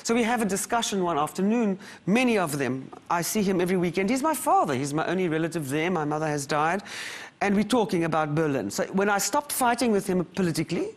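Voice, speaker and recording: Brief: interview guest from South Africa, lively pitch, tells stories and acts out quotes. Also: female voice, quick pace. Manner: animated, acts out quoted voices. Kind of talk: reflective conversational storytelling.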